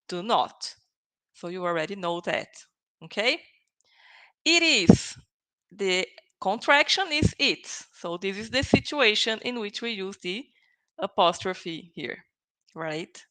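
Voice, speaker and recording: Slow, patient woman teaching English. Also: medium pitch, a bit bright, low-quality recording. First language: Portuguese. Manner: slow, patient, checks in with "okay?" and "right?". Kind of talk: live online grammar lesson.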